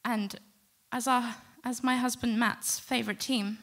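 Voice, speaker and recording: A middle-aged woman telling a personal story to a live audience, animated and acting out the quotes. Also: on the high side, a little slow. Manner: lively, animated retelling with acted-out quotes. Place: stage before a live audience.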